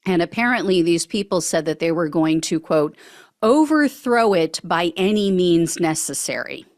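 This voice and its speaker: A woman's voice: lowish voice, lively intonation, normal speed, no echo, studio quality. A woman hosting a political news show, giving sarcastic commentary and laughing often between lines.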